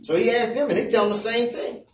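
A man preaching a sermon, retelling a scripture story with lively, playful asides and acted lines. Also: very high voice, fast talker. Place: church. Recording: echoey room, voice from a distance.

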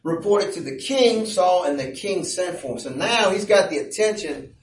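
A man preaching a sermon, retelling a scripture story with lively, playful asides and acted lines. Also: high-pitched, normal speed, slight background noise. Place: church. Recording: echoey room, voice from a distance.

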